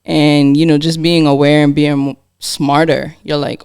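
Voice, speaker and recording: A man's voice: a little high, level tone, measured pace, a little mellow, clean tone, no echo, studio quality. A man co-hosting a podcast, speaking in a heartfelt way and openly about his feelings. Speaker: podcast co-host. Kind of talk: casual podcast chat.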